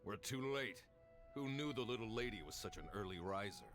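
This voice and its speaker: A man's voice: fairly low pitch, brisk, lightly acted. An actor playing a scheming male desert bandit boss who gloats and mocks in a sly voice. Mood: gloating. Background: game music.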